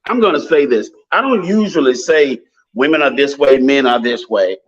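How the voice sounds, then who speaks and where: A man's voice: medium pitch, expressive, normal speed, highs cut off. A man co-hosting a podcast, chatting casually and agreeing often. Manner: affirming, frequent agreement. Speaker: podcast co-host. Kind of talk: casual chat.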